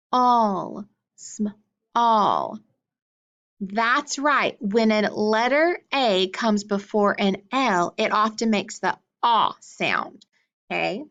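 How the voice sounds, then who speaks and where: A woman teaching a phonics lesson to young children, sounding out words clearly and praising answers. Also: mid-range voice, a bit bright, muffled recording.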